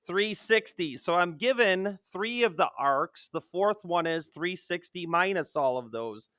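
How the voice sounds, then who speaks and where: A man's voice: fairly high pitch, pushed and bright, no room sound, clean studio sound. A man, a math teacher, talking through a geometry lesson in a joking, self-deprecating way, swinging from playful outbursts to muttered asides.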